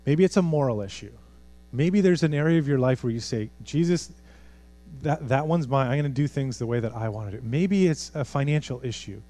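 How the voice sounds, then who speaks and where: A man preaching a sermon as a pastor, earnest, moving from lively urgency to hushed, quiet appeals. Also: mid-range voice, brisk. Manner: earnest, swings from animated to hushed.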